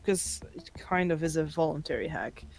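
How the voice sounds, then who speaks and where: A woman playing a tabletop game, speaking in a thoughtful, measured way as her character. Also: deep voice, animated, creaky, darkish tone. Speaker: player.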